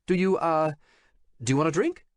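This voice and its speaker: A man's voice: on the high side, animated, normal speed, no echo, studio quality, pitched above the performer's own voice, close to an everyday voice. A male narrator voicing an awkward, bashful young man who stammers eagerly in an audiobook. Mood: flustered eager. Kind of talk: audiobook character voice.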